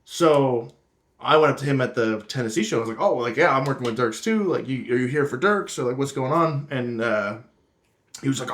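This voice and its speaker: A young man co-hosting a relaxed podcast, speaking at a medium pitch. He rambles through his stories with lots of fillers and restarts, laughing easily along with his co-host. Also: fairly quick. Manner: loose, filler-heavy storytelling, easy laughter. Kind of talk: casual podcast chat.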